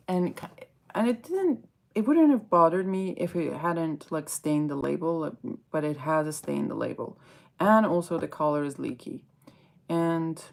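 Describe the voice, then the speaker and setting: A woman's voice: lowish voice, creaky, a little mellow. A woman hosting a casual fragrance livestream, reading viewer comments aloud and answering them as she chats.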